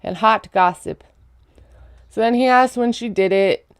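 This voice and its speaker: A woman's voice: a little high, measured pace, clear, resonant tone, dry recording, clean studio sound. A woman giving a casual, chatty recap of a reality show, full of sarcastic asides.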